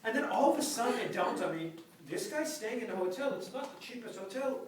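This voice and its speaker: A man's voice: extremely high pitch, animated, fast, a crowd in the background. A man telling a comic story in a casual way, acting out the quotes and laughing through his lines. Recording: echoey room, distant mic, loud noise.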